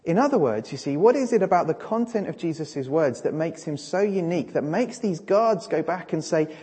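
A man's voice: on the high side, sing-song, normal speed, few pauses, mellow, breathy edge. A man preaching a sermon in an emphatic style, his delivery rising and falling. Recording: reverberant hall.

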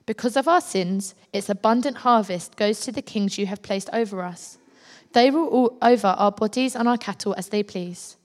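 A woman reading a Bible passage aloud in a slow, measured way during a church service. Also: medium pitch, big-room sound. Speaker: Bible reader.

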